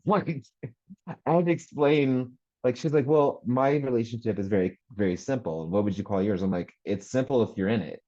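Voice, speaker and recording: Male panel guest, lively storyteller who laughs easily, muffled lo-fi sound. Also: medium pitch, normal speed. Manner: animated storyteller, acts out family quotes, laughs often. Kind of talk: casual group chat. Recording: muffled lo-fi audio.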